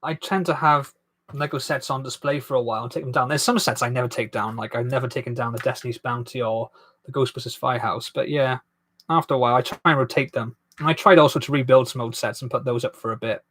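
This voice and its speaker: A man with a medium-pitched, steady, slightly bright voice talks fast. He's hosting a casual live stream while assembling a toy set, rambling and poking fun at himself as he reads viewer comments out loud.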